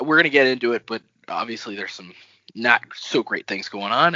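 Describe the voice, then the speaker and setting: Male co-host, animated bright voice, blunt and jokey, dry lo-fi audio. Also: fairly low pitch, no echo. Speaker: podcast co-host. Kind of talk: casual book-club chat.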